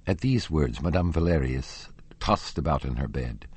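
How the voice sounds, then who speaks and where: Give me a male audiobook narrator with a very low voice and animated delivery. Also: moderate pace, husky, dry recording. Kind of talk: scripted narration.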